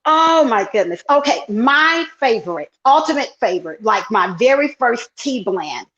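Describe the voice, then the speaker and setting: Excited Texan woman pitching tea. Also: normal speed, highs cut off. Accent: Southern US, Texas. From Texas. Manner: exuberant, chatty, sales pitch. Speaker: tea company owner presenting products. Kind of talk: enthusiastic live product demo. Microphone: earpiece, livestream.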